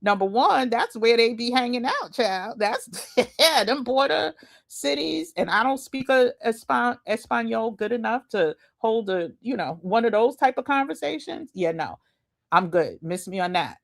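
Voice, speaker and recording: Lady host reacting to clips, chatty and slangy, talks slow. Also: fairly high pitch, expressive, vocal fry. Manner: chatty, laughing asides, slangy. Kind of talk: casual commentary reacting to videos.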